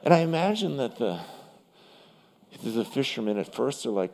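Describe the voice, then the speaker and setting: A man's voice: fairly low pitch, big pitch swings, normal speed, long pauses, darkish tone. A man preaching a sermon in a church as pastor, in a conversational, vivid storytelling manner.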